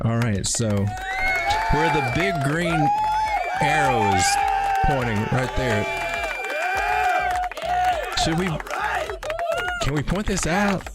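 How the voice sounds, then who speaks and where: Man, casual livestream host, joking and rambling, mid-pitched voice, faint music behind. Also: expressive, measured pace, pauses often, a faint crowd. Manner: jokey, rambling, playful innuendo and dad jokes. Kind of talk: casual live market analysis.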